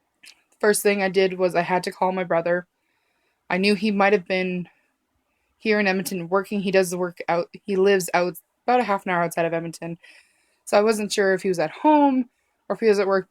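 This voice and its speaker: A woman telling a personal story to camera in a halting, emotional way, with many fillers and restarts. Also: lowish voice, no room sound. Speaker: vlogger.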